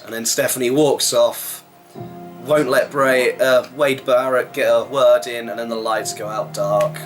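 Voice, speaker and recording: A man's voice: mid-range voice, fairly even intonation, a little slow. A man casually recapping a live wrestling show he attended, in a chatty play-by-play vlog review. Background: background music.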